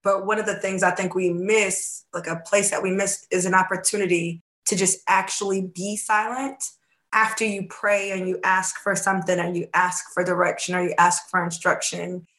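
A woman coaching on faith in a casual podcast chat, telling a lively story and acting out the dialogue, sometimes dropping to a hushed voice. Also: on the low side, normal speed. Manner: animated storytelling, acts out quoted dialogue.

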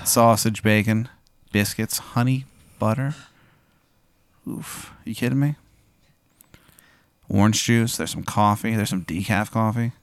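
A man's voice: lowish voice, fairly even intonation, unhurried, clean tone, dry recording. A young man co-hosting a comedy show, spinning an improvised story with playful, dramatic narration and some hesitant fillers. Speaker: co-host.

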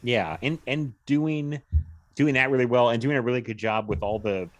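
A man's voice: medium pitch, normal speed. A man co-hosting a podcast, talking about films in a rambling, chatty way and laughing often. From United States. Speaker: podcast co-host. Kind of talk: casual chat about movies.

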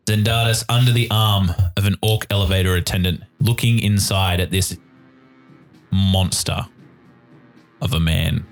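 A low-voiced man runs a tabletop game as game master, describing the scene in a deliberate, descriptive way. Faint music plays underneath him. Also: fairly even intonation.

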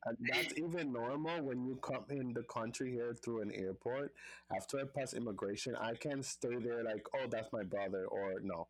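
A man's voice: mid-range voice, normal speed, no echo, rough recording. A man co-hosting a podcast, chatting casually, explaining things at length and dropping in short agreement. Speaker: podcast co-host. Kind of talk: casual chat.

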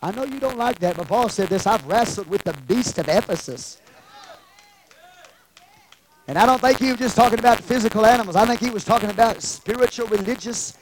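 A pastor preaching a sermon, emphatic, moving from quiet passages to shouted ones. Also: mid-range voice, fast talker, few pauses, low-quality recording.

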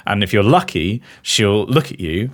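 Young English man, podcast co-host, animated pitch, quick to laugh. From England. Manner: animated, laughs often, jokey. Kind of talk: casual chat.

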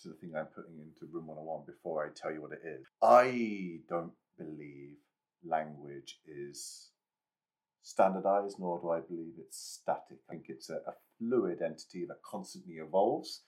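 English man, very low voice, podcast co-host, jokey, emphatic. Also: normal speed. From England. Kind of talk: casual podcast chat.

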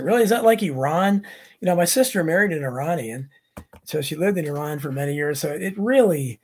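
A middle-aged man from the United States hosting a livestream, reading viewer comments and rambling through anecdotes with many restarts. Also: fairly high pitch. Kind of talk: casual rambling chat.

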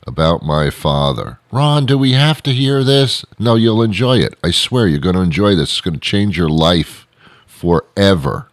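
A man's voice: very deep voice, dry recording, studio quality. A middle-aged man telling a rambling comic story, with digressions and sarcastic asides. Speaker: comedic storyteller.

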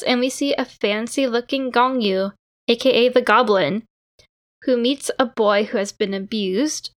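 A woman's voice: on the high side, a bit bright. A woman co-hosting a casual podcast, recapping a TV episode in a laid-back, sarcastic way, with some swearing. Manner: laid-back, sarcastic, swears, quotes characters in mock voices. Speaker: podcast co-host recapping a drama. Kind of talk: casual chat.

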